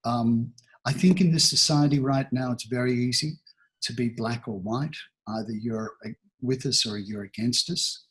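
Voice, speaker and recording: Man, 60s, from Australia, airy and breathy voice, reflective interview guest. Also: medium pitch, normal speed, fairly bright tone. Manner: thoughtful, rambling, many restarts and fillers. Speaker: talent agency founder, guest.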